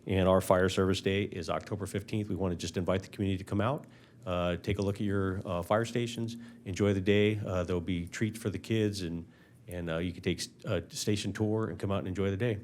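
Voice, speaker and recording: A deep-voiced man addresses the council as fire chief. His speech is halting and full of uhs and ums. His tone is plain and earnest, with faint room noise behind him. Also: steady tone, darkish tone. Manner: halting, many filler words. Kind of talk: council meeting remarks.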